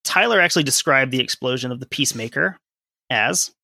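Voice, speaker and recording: Bright-voiced man chatting on a history podcast. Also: mid-range voice, animated, brisk, gravelly, no room sound, studio quality. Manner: conversational, explains and reads from sources with asides. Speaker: podcast co-host. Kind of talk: casual history podcast chat.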